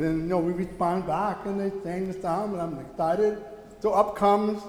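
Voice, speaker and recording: A middle-aged man speaking to a congregation, telling a personal story with animated exclamations. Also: high-pitched, moderate pace. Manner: animated, exclaiming, retelling with rising excitement. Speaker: church speaker teaching about the mass. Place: church. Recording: echoey church hall.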